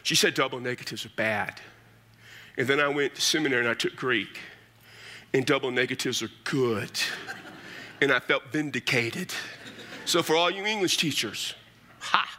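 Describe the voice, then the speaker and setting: A man's voice: medium pitch, normal speed, pauses often. A middle-aged man preaching a sermon as pastor, telling stories with casual asides. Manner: animated storytelling with casual asides.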